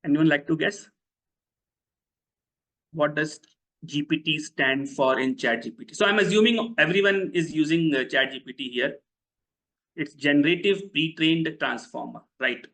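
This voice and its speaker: A fairly high-pitched man presents a webinar. He explains ideas step by step in a teaching tone. He keeps pausing to put questions to his listeners. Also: fairly bright tone, low-quality recording. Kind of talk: live online lecture.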